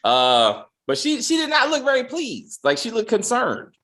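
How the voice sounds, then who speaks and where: Reviewing a TV episode in a casual way, this male host speaks at a normal speed in a very high voice. He laughs, stays animated, and performs the characters' lines in voices.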